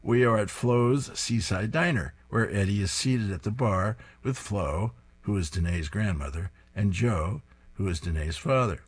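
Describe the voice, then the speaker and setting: Husky man reading comic strips aloud. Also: lowish voice, unhurried. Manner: descriptive, amused.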